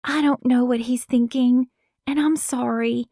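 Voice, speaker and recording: A woman doing a high, hesitant anxious cousin. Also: fairly even intonation, a little slow, warm tone, no room sound, studio quality. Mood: pleading. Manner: hesitant and pleading, raised higher. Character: anxious, apologetic young woman, the heroine's cousin.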